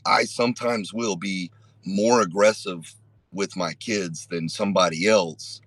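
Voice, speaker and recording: A middle-aged man telling a story in a blunt, unhurried way with frequent profanity, on a podcast. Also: sits low, fairly bright tone. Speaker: podcast host. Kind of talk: casual storytelling.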